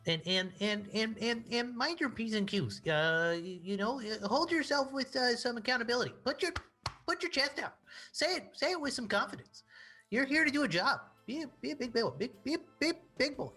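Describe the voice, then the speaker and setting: Guy doing a fussy gnome artificer, stammers a lot, sharp bright tone. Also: extremely high pitch, expressive, fairly quick, soft background music. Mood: bossy, flustered. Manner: stammering, bossy. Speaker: player. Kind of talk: playing a tabletop game character.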